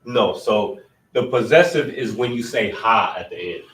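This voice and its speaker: A man's voice: fairly low pitch, normal speed, a bit bright, a little hiss or hum. A man teaching an informal class, patiently explaining step by step and thinking aloud. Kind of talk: informal Hebrew grammar class. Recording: roomy, distant mic.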